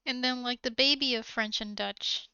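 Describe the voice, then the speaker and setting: A woman's voice: fairly high pitch, steady tone, moderate pace, sharp tone, clean tone, dry recording, dull audio. A woman streaming live, chatting casually with viewers, hesitant and giggly with many trailing ums.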